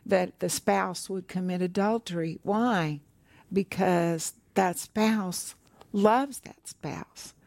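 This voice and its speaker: A woman's voice: medium pitch, a little mellow, no room sound. A woman co-hosting a Christian talk show, sharing a heartfelt, reflective memory in casual conversation. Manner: reflective, heartfelt, recalls past teaching. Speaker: co-host. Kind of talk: casual chat.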